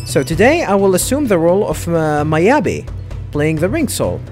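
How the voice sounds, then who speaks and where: A man's voice: a little high, wildly swooping pitch, moderate pace, darkish tone, faint music behind. A man voicing a flamboyant male spirit who puts on a cutesy girlish act, talking in a gushing, coy, sing-song way.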